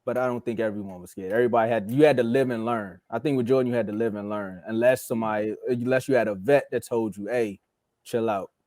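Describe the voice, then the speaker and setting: A man co-hosting a casual sports podcast, telling stories in a relaxed way with laughs. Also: medium pitch, quick pace, no room sound, studio quality. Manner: relaxed storytelling, laughs, says bro. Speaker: podcast co-host.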